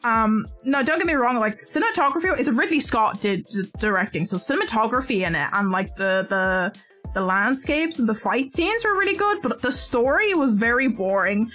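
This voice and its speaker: A slightly high-voiced woman chats on a live stream while crocheting at home. She rambles freely, breaking off and restarting sentences. Soft music plays faintly behind her. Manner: chatty and rambling, with frequent restarts.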